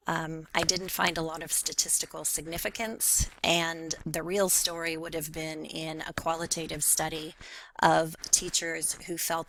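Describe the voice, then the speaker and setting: A woman with a somewhat low voice records a self-introduction for a graduate class. She talks hesitantly, trips over her words and fills pauses with "um.". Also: vocal fry, a bit bright, slight background noise, rough recording. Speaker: faculty member taking a graduate class.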